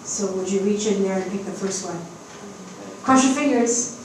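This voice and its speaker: A woman's voice: medium pitch, moderate pace. Encouraging woman medium in echoey room. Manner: encouraging, emphatic, checks in with the crowd. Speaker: spiritual medium. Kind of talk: live workshop talk to an audience. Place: event room at a hotel. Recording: echoey room, distant, faint hiss.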